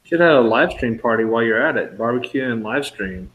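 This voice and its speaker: A man with a mid-pitched voice joins a casual livestream chat and explains his points loosely, with plenty of fillers. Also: animated, brisk, fairly bright tone, rough recording.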